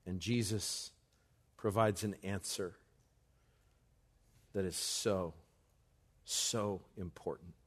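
A man preaching a sermon as pastor, slow and deliberate, building to loud urgency in a church. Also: sits low, fairly even intonation, husky.

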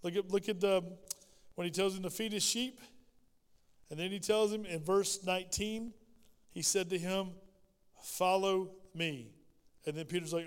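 In a church sanctuary, a pastor with a high, smooth voice delivers a sermon, slipping into small acted voices for the prayers he quotes. He keeps a moderate pace with long pauses, and a long hall reverb rings behind his words.

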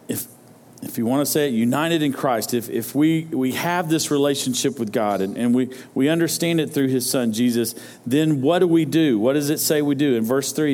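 A pastor with a mid-range, darkish voice delivers a loose, conversational sermon to his congregation. He often stumbles over repeated words as he restarts his sentences.

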